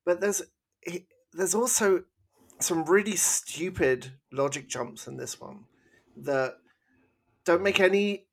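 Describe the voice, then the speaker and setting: A man's voice: sits high, slow pace, creaky, pauses often. A man co-hosting a podcast, talking animatedly in casual review chat and mimicking characters in mocking voices. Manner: animated, mocking put-on voices when quoting. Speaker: podcast co-host.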